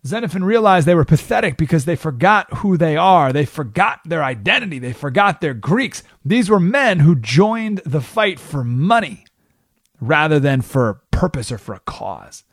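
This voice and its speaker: A male radio host tells a history story in a loose, conversational way, and his pitch climbs and drops a lot as he acts out quotes. His voice sits a little high for a man, and the sound is close and dry with no room echo. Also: moderate pace. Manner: casual, animated storytelling, acting out quotes in voices. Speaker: radio talk show host. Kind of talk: radio monologue retelling history.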